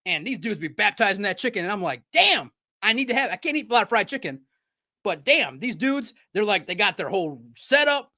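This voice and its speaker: A man chats through a casual sports recap in a high, lifted voice. His tone is bright and ringing. He riffs and jokes, then suddenly gets loud for emphasis. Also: fairly quick. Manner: animated, jokey riffs with sudden loud bursts. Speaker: sports show host.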